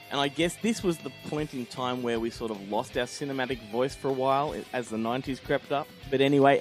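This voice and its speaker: Gravelly Australian man, worn out, blunt review host, faint music under. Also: mid-range voice. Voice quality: raspy, gravelly. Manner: blunt, irreverent, joking. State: tired. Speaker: film segment presenter. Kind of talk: recorded movie review segment.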